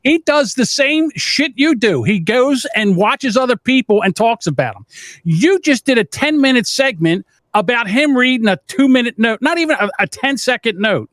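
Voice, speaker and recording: A man's voice: very high-pitched, lively intonation, normal speed, a bit bright, no echo. A male guest on a live stream, arguing with the host in a needling, sarcastic way. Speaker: call-in guest. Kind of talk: heated argument.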